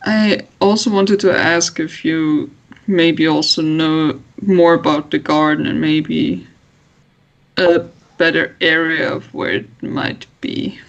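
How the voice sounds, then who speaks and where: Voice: mid-range voice, steady tone, takes it slowly, creaky, dull audio. A player in a tabletop game who talks hesitantly, asking questions with ums and trailing sentences. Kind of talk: casual tabletop play.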